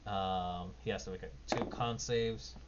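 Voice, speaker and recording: A man's voice: on the low side, steady tone, unhurried. A man running a tabletop game as game master, narrating casually and rambling with lots of fillers. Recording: dull lo-fi mic with faint noise.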